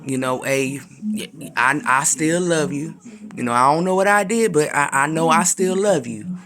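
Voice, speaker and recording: A man plays a suffering believer who keeps his faith, earnest and humble. The voice lifts a little above his own and carries a gravelly texture. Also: fairly high pitch, moderate pace, a crowd in the background, natural voice. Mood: devoted.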